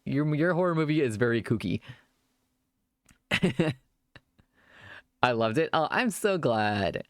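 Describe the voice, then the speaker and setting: A man's voice: medium pitch, expressive, takes it slowly, dry recording, clean studio sound. A man chatting casually on a live stream, rambling at length and thanking viewers as they follow.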